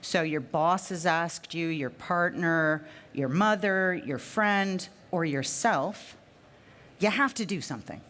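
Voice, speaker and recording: A woman in her fifties speaks to a live audience at a conference. Her voice sits low for a woman, and she talks with emphasis, repeating her key phrases. She often asks the listeners to stop and reflect. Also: fairly bright tone. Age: 50s. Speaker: speaker at a trade fair session. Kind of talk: conference talk.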